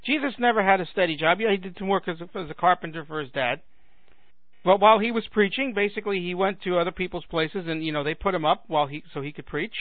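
Sarcastic talk host, man, high voice, phone-thin dry audio. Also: dry recording, phone-quality sound. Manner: sarcastic ranting with mocking put-on voices. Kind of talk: comedic monologue.

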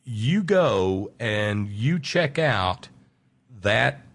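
Low-voiced man explaining at length. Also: very animated, fairly bright tone, husky. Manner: explanatory, drawn-out emphasis on key words. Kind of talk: casual radio conversation.

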